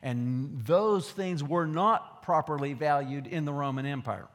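Pastor guy preaching, chatty, goes quiet for asides then pushes up, slightly high voice, long echo in the church. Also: measured pace. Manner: conversational preaching, drops to a low aside and rises with emphasis. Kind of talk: sermon. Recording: long hall reverb.

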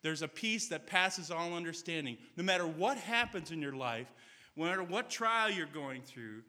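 A man's voice: a little high, animated, normal speed, sharp tone, big-room sound. A man preaching a sermon in a church sanctuary, earnest and telling stories with quoted dialogue.

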